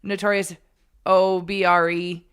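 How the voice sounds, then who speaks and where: A woman co-hosting a casual morning talk show, teasing and quick-witted in the banter. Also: lowish voice, little pitch movement, a bit bright, clear, resonant tone. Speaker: co-host.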